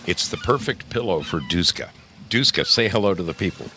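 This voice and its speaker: A man's voice: low-pitched, lively intonation, fairly quick, bright, forceful tone, slight background noise. A man hosting a casual livestream, greeting viewers in the chat one by one in a playful, effusive way and calling them darling. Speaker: livestream host.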